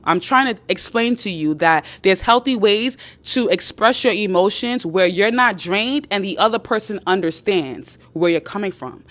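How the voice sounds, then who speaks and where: A woman hosting a live stream, giving casual dating advice to her viewers in an emphatic, animated way, repeating herself and swearing freely. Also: medium pitch.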